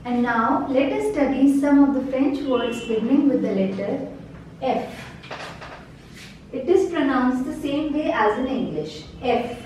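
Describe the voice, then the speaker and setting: A high-voiced woman teaches slow beginner vocabulary, saying each word again and again with patient care. She sits some way off the mic, and her voice rings in a very echoey room with a faint hum of noise behind it. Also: a little mellow, far from the mic. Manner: patient, repeats each word several times. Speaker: French teacher.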